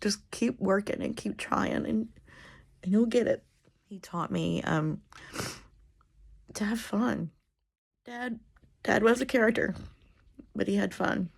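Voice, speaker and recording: A tearful woman giving a halting, emotional spoken tribute to her late father, often repeating and restarting her words. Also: mid-range voice, gravelly. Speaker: daughter giving a eulogy.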